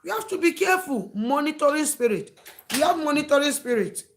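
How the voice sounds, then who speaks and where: A woman's voice: high-pitched, lively intonation, a little fast. A woman giving emphatic, repetitive advice to camera and acting out the words of friends. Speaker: advice vlogger. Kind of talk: preachy advice talk to camera.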